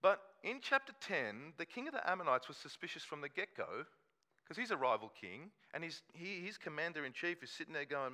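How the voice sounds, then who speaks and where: Aussie preacher guy in his 30s, bright punchy voice, telling stories mid-sermon and doing the voices. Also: fairly high pitch, a little fast. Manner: conversational storytelling, animated quoted voices. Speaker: pastor.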